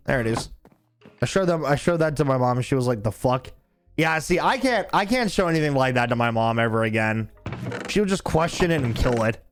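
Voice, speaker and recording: A tired man live-streaming a game, chatting casually, swearing freely and laughing often. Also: a little high. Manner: laid-back, swears a lot, laughs often.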